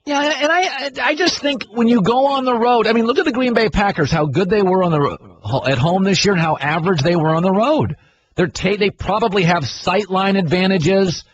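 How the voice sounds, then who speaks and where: A middle-aged man hosting a sports talk radio show, arguing his opinions in a brash, animated way. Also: high-pitched, moderate pace. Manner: brash, argumentative, mimics people in loud voices. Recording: dull broadcast audio with faint noise.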